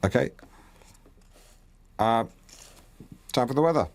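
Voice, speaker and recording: Imagine a self-important middle-aged radio presenter with a mid-pitched man's voice. He bumbles through links, stumbles, corrects himself and keeps going, full of misplaced confidence. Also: expressive, slow, vocal fry, darkish tone, a little hiss or hum. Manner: pompous, fumbling, self-correcting. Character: pompous, awkward middle-aged male local radio host. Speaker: radio host. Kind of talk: comedy radio show banter.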